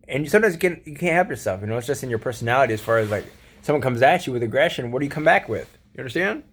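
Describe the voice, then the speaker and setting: A man giving a casual late-night monologue, rambling and profane with laid-back slang, often laughing as he talks. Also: mid-range voice. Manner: laughs often while talking. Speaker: solo vlogger.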